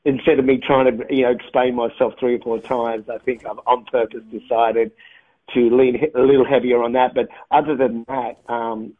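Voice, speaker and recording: Man, Australian accent with an American tinge, rambling, husky, tinny phone line. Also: mid-range voice, flat delivery, normal speed. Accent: Australian softened by years in America. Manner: rambling, restarts often, laughs easily. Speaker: touring band musician, interview guest. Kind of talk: phone interview, thinking aloud.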